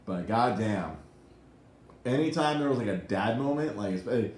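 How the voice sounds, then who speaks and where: Excitable low-voiced man, cursing podcast chat. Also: moderate pace, roomy sound, a little hiss or hum. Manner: excitable, swears freely, many restarts. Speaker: podcast co-host. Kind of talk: casual chat. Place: podcast studio.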